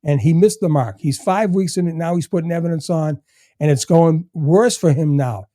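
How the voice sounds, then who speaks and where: Older man, dark voice. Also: fairly high pitch, moderate pace, no room sound, studio quality. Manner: animated storyteller, swears freely. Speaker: guest, retired federal agent. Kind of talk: casual chat.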